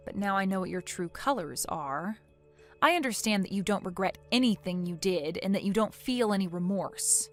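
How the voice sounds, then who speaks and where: A synthetic woman's voice reading a text-message story in a cold, firm and measured way. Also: mid-range voice, expressive, fairly bright tone, soft background music.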